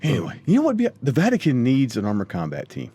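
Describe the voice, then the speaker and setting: An American man hosting a podcast in casual chat, talking in a measured way with many fillers. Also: medium pitch, wildly swooping pitch, dark tone, slight background noise. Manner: measured, filler-heavy planning talk.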